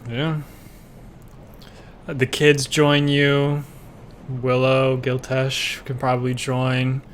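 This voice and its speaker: A man's voice: mid-range voice, monotone, slow pace, a little hiss or hum. A man running a tabletop role-playing game, narrating scenes and calling for dice rolls in a laid-back way. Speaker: game master.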